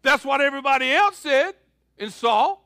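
A man preaching a sermon as pastor, switching between loud calls and quiet asides. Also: very high voice, lively intonation, normal speed, no echo, studio quality.

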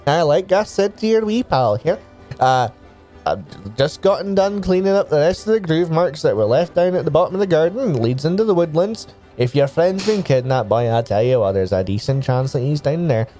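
Man voicing a gossipy Scottish gardener, animated, warm voice, soft music behind. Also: on the high side, normal speed, close to an everyday voice. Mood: scolding. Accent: put-on Scottish. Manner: folksy, calls people "boy". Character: gruff chatty male village gardener.

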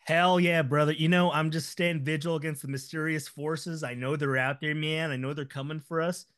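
A man's voice: fairly high pitch, fairly even intonation, moderate pace, fairly bright tone. A man co-hosting a podcast, bantering in a playful, jokey way. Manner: playful, jokey, mock-conspiratorial. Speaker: podcast co-host. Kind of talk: casual banter.

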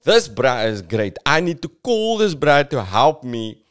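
A man's voice: mid-range voice, very animated, a little slow, smooth, pitched above the performer's own voice. A South African man voicing a male God who talks in casual street slang. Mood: eager. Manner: casual street slang, keeps saying "bruh".

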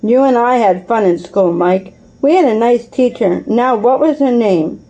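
A woman's voice: on the high side, unhurried, warm tone, poor audio. A woman reading aloud, voicing an eager, curious little boy in a storybook with a lightly raised voice. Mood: chatty.

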